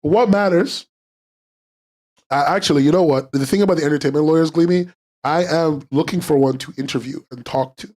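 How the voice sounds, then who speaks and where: A man hosting a casual live-streamed podcast, rambling and swearing freely, and quickly getting worked up as he reacts to chat. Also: a little high, a little mellow.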